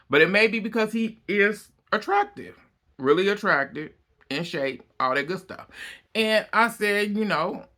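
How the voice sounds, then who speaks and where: A man's voice: fairly high pitch, sharp tone. A man giving a blunt, profane, exasperated casual recap of a reality TV episode.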